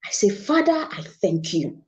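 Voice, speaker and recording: A young Nigerian woman, a photographer, telling her story in an interview with lively, expressive delivery, slipping into Pidgin and laughing as she goes. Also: medium pitch, normal speed. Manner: animated storytelling with Pidgin phrases and bursts of laughter. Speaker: photographer guest.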